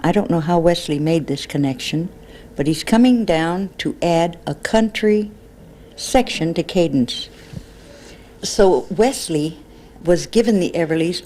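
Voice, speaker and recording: A woman songwriter in an archive interview, an animated storyteller who sings snatches of songs. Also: on the low side, a little hiss or hum.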